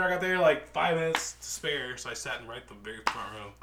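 A young man co-hosts a loose, profane podcast chat, his voice bright and clear. He tells stories with big swings, dropping to low grumbles and then bursting out loud. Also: quick pace, a little hiss or hum. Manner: profane, animated storytelling with big swings in loudness. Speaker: podcast co-host. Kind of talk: casual chat.

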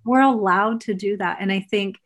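A woman's voice: medium pitch, normal speed. A woman in casual conversation who speaks earnestly and reflectively about emotions and inner truth. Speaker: guest, former coach.

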